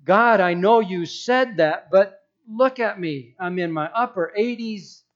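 Brief: man doing an exasperated old man in his eighties, insistent, somewhat high, muffled sound. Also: a little slow, a bit bright. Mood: pleading. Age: over 80, as the figure. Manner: exasperated, pleading questions. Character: aged man pleading with God, worried, insistent.

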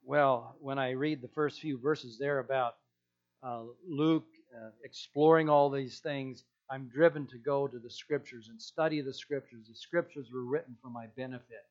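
A man's voice: medium pitch, fairly even intonation, moderate pace, dull audio. Emphatic male pastor preaching. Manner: emphatic, repeats key phrases. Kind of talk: sermon.

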